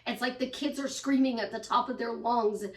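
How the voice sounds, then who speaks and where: This woman, a life coach, chats casually to her followers at normal speed, her slightly high voice keeping a fairly even intonation. Emphatic and repetitive, she occasionally performs the voices inside people's heads. It's a monologue to camera, recorded with a roomy echo and from some distance.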